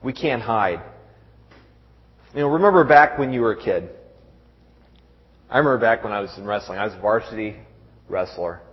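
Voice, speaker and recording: A middle-aged man preaches a sermon, stopping and restarting his words and reading verses aloud. His voice sits at a middle pitch. The sound is dull, with a long reverb from a large hall. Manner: halting, repeats words, reads scripture aloud.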